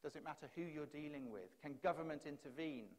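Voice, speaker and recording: A man's voice: fairly high pitch, quick pace, darkish tone. A man giving a keynote speech at a conference, building his points through repeated rhetorical questions into a stage microphone. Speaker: conference speaker. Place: conference hall.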